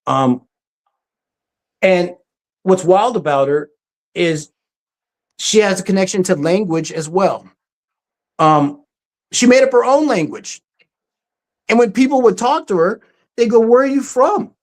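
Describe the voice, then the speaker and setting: A presenter giving a casual, story-driven talk over slides, often pausing with "um" and acting out quoted speech. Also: mid-range voice, animated. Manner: frequent ums and restarts.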